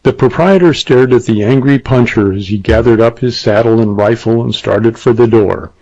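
A man narrating a western novel in a measured storytelling manner. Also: mid-range voice, darkish tone. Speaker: audiobook narrator. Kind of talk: scripted narration. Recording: dull lo-fi dry recording.

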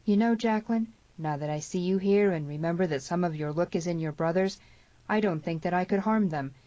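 A woman's voice: on the low side, a little fast, dark tone, no room sound, close to an everyday voice. A woman narrator reading a grave, stern young frontier man. He speaks gloomily and seriously. The storybook recording is dry and a little dull.

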